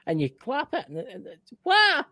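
On a dry recording, the Scottish co-host speaks at a moderate pace in a slightly high voice. The podcast chat is casual and animated, with frequent exclamations and restarts.

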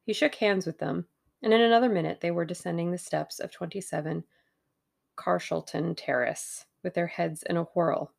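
A woman reads a novel aloud in a measured storytelling style. Her voice sits low and has a gravelly texture. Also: steady tone, darkish tone. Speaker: narrator. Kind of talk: audiobook reading.

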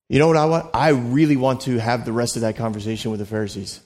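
A man's voice: medium pitch, quick pace, few pauses, darkish tone. A man preaching a sermon as a pastor, in a conversational, joking way, acting out the voices he quotes.

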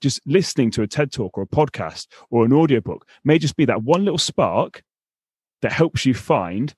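A man's voice: mid-range voice, sing-song, moderate pace, darkish tone, breathy edge, dry recording. A British man hosting a podcast interview, casual and chatty, with frequent restarts and sarcastic asides. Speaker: podcast host and coach.

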